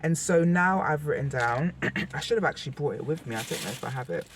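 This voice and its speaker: A woman's voice: low voice, animated, fairly quick, a little hiss or hum. A young woman talking candidly to camera in a personal vlog, emotional and rambling, often restarting her sentences. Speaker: vlogger.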